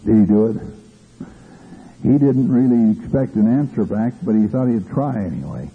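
A man's voice: fairly low pitch, animated, moderate pace, breathy edge. A man preaching a fervent sermon, stopping often for hallelujahs and restarting his phrases. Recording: tinny lo-fi old recording.

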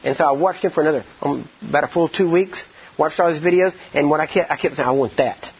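A man preaching a sermon, rambling with many "I mean" and "you know", acting out quoted speech and slowing down to stress scripture. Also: fairly high pitch, breathy edge. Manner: slows down and stresses words when teaching scripture. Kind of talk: sermon with storytelling. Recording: dull lo-fi recording.

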